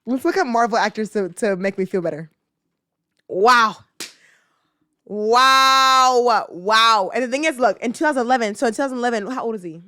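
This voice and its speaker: A woman in her twenties hosting a casual podcast, rambling emotionally and swinging from loud outbursts to low muttering. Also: lively intonation, racing, hardly any pauses, dry recording. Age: 20s. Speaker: podcast host. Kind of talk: casual ranting chat.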